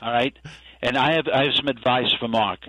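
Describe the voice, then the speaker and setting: A man's voice: medium pitch, fairly even intonation, brisk, pushed and bright, dry recording, poor audio. A man doing an impression of a boastful, insulting male politician, repeating himself and tagging lines with a questioning "okay". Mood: boasting. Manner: tags nearly every sentence with a questioning okay, repeats himself. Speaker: comedic impressionist guest.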